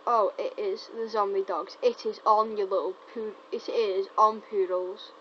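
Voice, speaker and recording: A woman gives casual, teasing gameplay commentary, excitable and stumbling over her words, though her pace stays measured. Her pitch is ordinary for a woman. The recording sounds dull, muffled and lo-fi, with a faint hiss of noise beneath.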